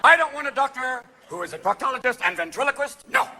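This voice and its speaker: High-voiced man in his fifties doing stand-up. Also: expressive, background noise. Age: 50s. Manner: rapid-fire, jumping into character voices. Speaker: stand-up comedian. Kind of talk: live stand-up routine. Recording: live show recording with room ambience.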